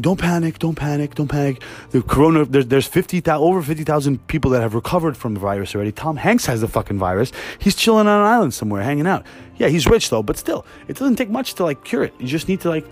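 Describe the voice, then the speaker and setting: A man rants fast and loose for his podcast, swearing constantly and rambling from one thought to the next. His pitch sits mid-range, and his animated delivery keeps pushing forward. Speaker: podcast host. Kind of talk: casual profane rant. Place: at home.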